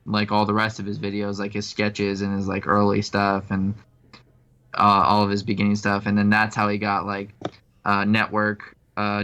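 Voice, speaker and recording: A man talking loosely on a podcast, circling his point with plenty of filler words. His voice sits a bit low. The recording sounds dull and lo-fi. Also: a bit bright. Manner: rambling, many fillers. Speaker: podcast co-host. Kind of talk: casual chat.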